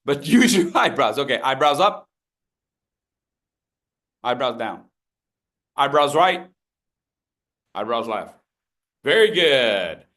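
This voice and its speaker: A man's voice: mid-range voice, takes it slowly, pauses often. A man leading a speaking workshop, calling out upbeat instructions and joking with the group. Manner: upbeat, animated, jokes with the group; calls out instructions and audience names. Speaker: speaking coach. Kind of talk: interactive coaching workshop.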